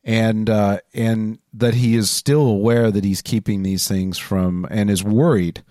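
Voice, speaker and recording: A man's voice: fairly low pitch, steady tone, unhurried, warm tone, dry recording, clean studio sound. A man hosting a casual podcast chat, rambling with lots of fillers and restarts. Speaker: podcast host.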